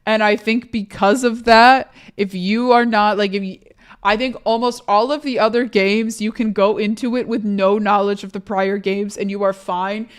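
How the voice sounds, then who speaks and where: A young woman streamer with a hoarse voice from laryngitis, chatting candidly and with swearing on a live stream, bursting louder when she greets viewers. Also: medium pitch, steady tone, moderate pace. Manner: candid, profane, rambling; bursts loud greeting raiders. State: sick, laryngitis. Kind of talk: casual live-stream chat.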